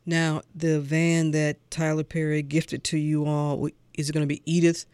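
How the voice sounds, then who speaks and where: A man's voice: a little high, monotone, normal speed, a little mellow, clear, resonant tone, dry recording. A man hosting an interview, asking playful, teasing questions. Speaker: radio show host.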